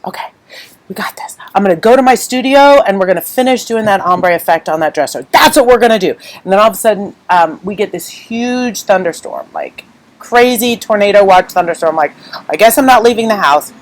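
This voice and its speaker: Craft lady going live from home, rambly and emotional, fighting tears, middle-pitched voice. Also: expressive, a little fast, low-quality recording. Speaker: craft artist hosting a live stream. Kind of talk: unscripted live chat with viewers.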